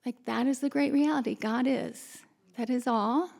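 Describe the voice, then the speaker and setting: Candid self-mocking woman storyteller, slight fry. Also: sits high, steady tone, moderate pace, darkish tone. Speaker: speaker at a recovery retreat. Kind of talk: personal talk to an audience. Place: retreat conference hall.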